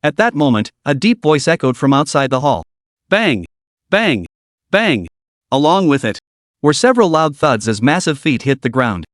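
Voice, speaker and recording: A man narrating a story recap in a lively voice. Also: on the high side, no room sound, clean studio sound. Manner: steady, dramatic storytelling.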